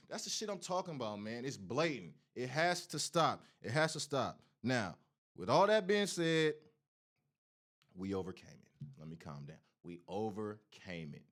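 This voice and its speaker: A man's voice: mid-range voice, big pitch swings, unhurried, fairly bright tone. A man hosting a sports show, delivering a heated, profane college football rant that trash-talks rival fans. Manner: Oregon fan taunting rival fans.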